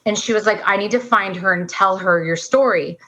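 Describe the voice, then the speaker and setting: A woman in her forties telling a personal story as a podcast guest, fast and earnest, saying "like" often. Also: mid-range voice, bright, forceful tone. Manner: fast, earnest, says "like" a lot. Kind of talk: emotional storytelling. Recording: dull lo-fi sound.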